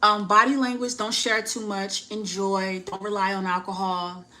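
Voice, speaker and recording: A woman's voice: medium pitch, little pitch movement, moderate pace, bright, forceful tone, rough recording. A woman with a US Northeast accent giving dating advice in a casual vlog, chatty and frank and often laughing at herself.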